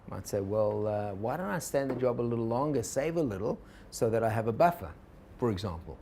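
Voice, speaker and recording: Telling a fable in a workshop on personal change, a male organizational consultant acts out inner voices and asks his listeners questions. He speaks fast and expressively in a warm, mid-range voice, with a little hiss or hum in the background.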